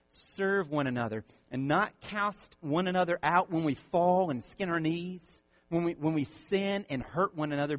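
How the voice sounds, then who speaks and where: Pastor, male, passionate sermon, bit high voice, dry muffled recording. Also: no echo. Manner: impassioned, repeats words, builds to loud peaks then drops soft.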